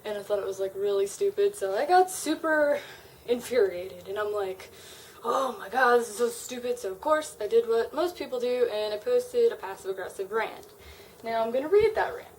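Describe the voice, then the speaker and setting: Young woman, casual home vlogger, blunt and sweary, mid-pitched, faint background hum. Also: low-quality recording. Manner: frank, swearing, animated rant. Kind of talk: casual vlog, reading own posts aloud.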